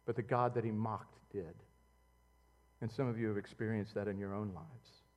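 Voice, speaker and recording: A middle-aged male pastor delivering an animated sermon, his voice rising to loud emphatic peaks and then dropping low and close. The sound carries a long reverb, as if heard in a large church hall through a stage microphone. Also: normal speed. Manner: animated preaching, swinging between loud outbursts and quiet, low intimacy.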